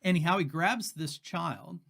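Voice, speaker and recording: A man's voice: on the high side, unhurried, vocal fry, fairly bright tone, slightly rough. A man teaching the Bible in a casual, folksy way, chatty and laughing at his own jokes.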